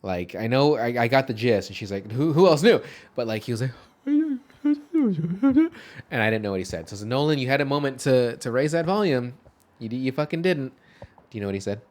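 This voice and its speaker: A man's voice: medium pitch, fast talker. Loose, profane male podcast co-host. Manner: loose, profane, laughs often. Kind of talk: casual movie discussion podcast.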